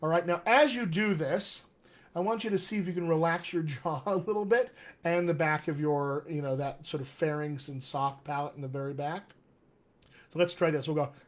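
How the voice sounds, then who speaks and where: A man's voice: fairly high pitch, moderate pace. A man teaching tongue exercises as a dialect coach in a live-streamed lesson, upbeat and encouraging. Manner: upbeat, encouraging, reads out viewer comments.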